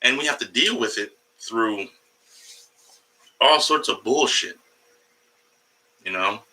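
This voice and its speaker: A male comedian streams from home and rambles through a loose, profane monologue, breaking off to scold his cat. His voice is sharp and forceful, with a lively pitch that jumps all over. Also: slow, rough recording. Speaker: comedian livestreaming. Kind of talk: casual livestream monologue.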